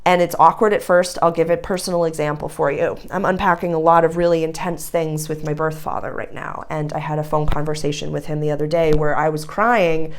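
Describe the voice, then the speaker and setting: A woman's voice: low voice, flat delivery, brisk, few pauses. A young adult woman giving a casual spoken astrology reading to her viewers, emphatic and effusive, swearing now and then. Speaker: astrology reader.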